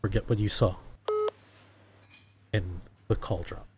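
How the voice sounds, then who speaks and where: A man narrating a tabletop horror game as game master, in a calm, unhurried way. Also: lowish voice, slightly rough.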